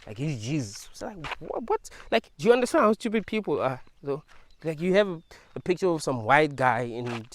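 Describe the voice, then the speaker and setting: A man's voice: on the high side, sing-song, fairly quick, no echo. A man talking casually to his viewers in a rambling monologue, laughing often and leaning on fillers. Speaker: video creator.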